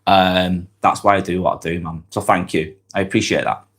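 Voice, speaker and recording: A man's voice: deep voice, fairly even intonation, normal speed, a bit bright. A man with a Lancashire accent and a cold, hosting a casual live vlog and chatting back to viewer comments. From Lancashire, northwest England. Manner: chatty, reads out comments and answers them directly. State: has a cold. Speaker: live-stream vlog host.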